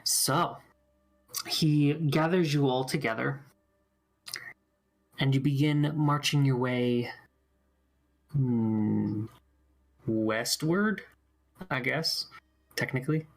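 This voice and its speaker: Running a tabletop session, this game master speaks in a laid-back, stop-and-start way, leaning on lots of filler words. His mid-range voice has a creaky quality.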